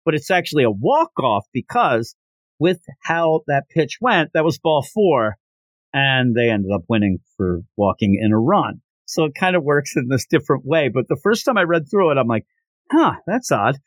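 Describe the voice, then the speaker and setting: A man hosting a podcast, casually retelling a manga story with animated asides. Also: mid-range voice, normal speed, dry recording. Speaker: podcast host.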